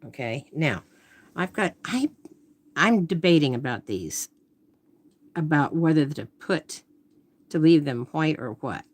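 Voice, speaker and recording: Woman artist, casual live-stream chat, thinks aloud and murmurs, lively swooping delivery. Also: deep voice, takes it slowly, pauses often. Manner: thinks aloud while painting, trailing off into murmurs.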